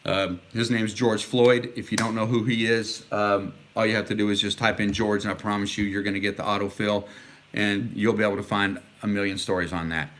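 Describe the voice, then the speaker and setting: A man's voice: fairly low pitch, little pitch movement, fairly quick, a bit bright, a little hiss or hum. A middle-aged man from Texas, chatting casually and earnestly on a livestream, rambling with many fillers as he answers viewers' comments. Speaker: vlogger answering live comments.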